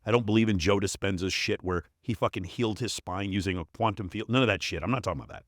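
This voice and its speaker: A man with a fairly low voice talks as a podcast guest in a dry studio. He is blunt and emphatic, swearing freely as he hammers home his points. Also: fast talker, no room sound. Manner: blunt, profane, emphatic storytelling. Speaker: performance coach, podcast guest. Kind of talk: casual interview chat.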